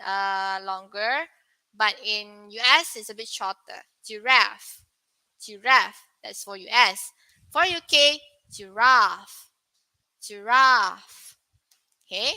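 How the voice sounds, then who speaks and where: Slow, bright-voiced woman teaching English. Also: on the high side, no room sound, poor audio. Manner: slow, repetitive, questions to viewers. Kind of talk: online pronunciation lesson.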